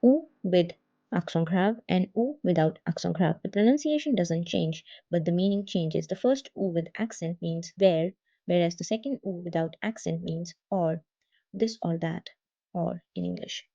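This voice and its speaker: Gravelly-voiced woman teaching a language lesson. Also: on the low side, dark tone, no echo, muffled recording. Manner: patient, repeats each example word slowly. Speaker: French teacher.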